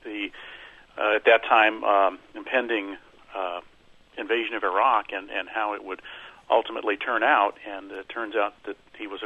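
Radio caller man, thoughtful, tinny phone line. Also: mid-range voice. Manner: thoughtful, halting.

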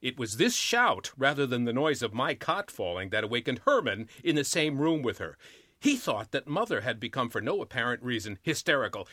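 Male actor narrating comedy, animated, bright and crisp in a dry room. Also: medium pitch, moderate pace, no room sound. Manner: lively animated storytelling. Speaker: actor reading a story. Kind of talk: expressive comic story narration.

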